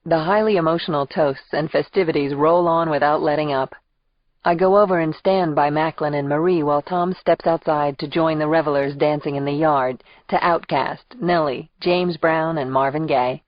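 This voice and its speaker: A woman narrating a thriller audiobook in the first person, with a measured, expressive reading. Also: low-pitched, dry recording, highs cut off.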